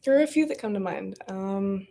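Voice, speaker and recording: A woman's voice: medium pitch, animated, brisk, vocal fry, warm tone. Bubbly young woman actor, laughing often. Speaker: actor guest. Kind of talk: casual interview chat.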